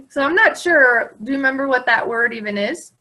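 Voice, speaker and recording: Animated, laughing woman interviewer. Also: rough recording. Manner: animated storyteller, laughs often, jumps high on quoted lines. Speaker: interviewer and coach. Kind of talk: casual interview chat.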